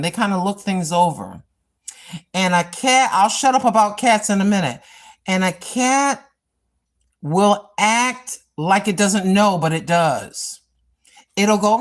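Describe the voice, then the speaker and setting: An older woman vlogging in a chatty, rambling way, repeating herself and laughing at her own asides. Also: mid-range voice. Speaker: cooking and lifestyle vlogger. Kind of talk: casual rambling monologue.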